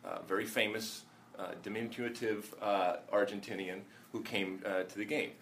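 A former soccer player telling a story in casual chat, halting with fillers and restarts. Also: male voice, fairly low pitch, fairly even intonation, fairly bright tone, slight background noise. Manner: rambling, halting anecdotes with many fillers and restarts.

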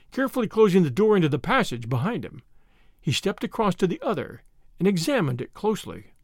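Man reading a novel aloud, high voice, dry close sound. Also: darkish tone, dry recording. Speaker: audiobook narrator. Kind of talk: scripted narration.

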